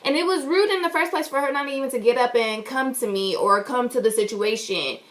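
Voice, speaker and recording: A woman's voice: fairly high pitch, a little fast. A woman vlogger telling a story in an indignant, emphatic way, swearing freely. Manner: indignant, emphatic and profane retelling. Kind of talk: storytime vlog.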